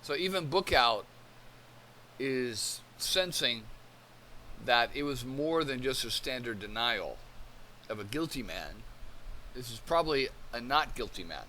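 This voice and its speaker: A man's voice: medium pitch, lively intonation, a little slow, long pauses, pushed and bright, slight background noise. A man hosting a channel, reading definitions and transcripts aloud and thinking them through, with frequent restarts. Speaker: channel host. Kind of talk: casual commentary, reading aloud.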